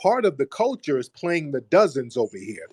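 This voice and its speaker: A man's voice: medium pitch, big pitch swings, normal speed, slightly rough, dry recording. A man hosting a call-in debate show, blunt and dismissive, repeating his points over and over. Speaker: host.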